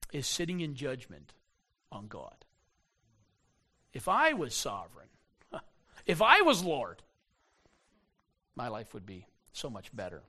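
Middle-aged pastor guy preaching, voice swoops up and down a lot, stretches out the big lines. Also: mid-range voice. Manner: animated preaching, slows for emphasis, repeats words. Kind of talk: sermon.

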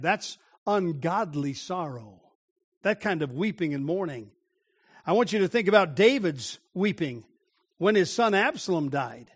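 A man preaching a morning sermon, telling scripture stories dramatically and slowing down to stress key words. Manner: dramatic storytelling, slowing and dropping low for emphasis.

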